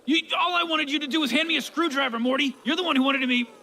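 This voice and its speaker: A brash, stammering old genius scientist, talking fast in a high, very bright voice. He sounds arrogant and dismissive in this cartoon, and music plays faintly behind him. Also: creaky, heavily acted. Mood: indignant. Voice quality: stammering, rambling. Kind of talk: cartoon voice acting.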